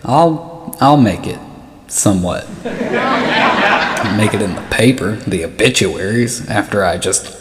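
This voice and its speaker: A man's voice: on the low side, big pitch swings, slow, pauses often. Self-mocking stand-up comedian, man. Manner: rambling, self-mocking, laughs at own jokes. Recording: live hall echo with loud noise.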